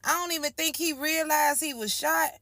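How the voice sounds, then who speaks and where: A woman's voice: high-pitched, steady tone, normal speed, pushed and bright, no room sound, clean studio sound. A woman giving an emotional first-person account of a frightening night. She talks colloquially, repeats her phrases and speaks to listeners as y'all. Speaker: storyteller giving a testimony.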